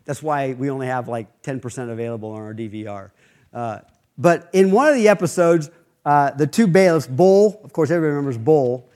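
Male preacher, slightly higher voice; relaxed conversational sermon delivery with story asides. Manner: conversational, anecdotal, with frequent restarts.

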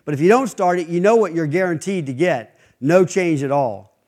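A man's voice: on the high side, normal speed, a little mellow. A man preaching a sermon in a conversational, storytelling way, mixing scripture reading with anecdotes and restarts.

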